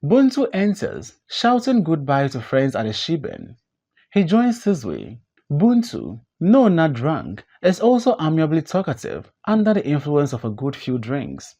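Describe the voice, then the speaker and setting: An audiobook reader narrating the stage directions of a play in a plain, steady way. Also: medium pitch, unhurried.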